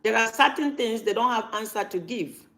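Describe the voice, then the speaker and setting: A woman's voice: a little high, moderate pace, a bit bright. A woman, talking casually to camera as a vlogger and repeating her points for emphasis.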